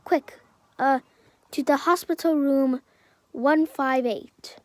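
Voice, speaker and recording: A brisk hospital receptionist points the way in a quick, higher voice, as a woman storyteller puts her on. The sound is dry and close. It is a fan story told aloud. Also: steady tone, dry recording.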